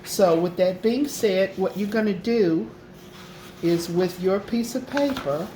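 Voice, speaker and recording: A woman's voice: medium pitch, slow pace, background noise. Chatty woman teaching a craft, roomy echo. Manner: chatty, repetitive, checks in with "okay?". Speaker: craft channel host. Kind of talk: casual craft tutorial.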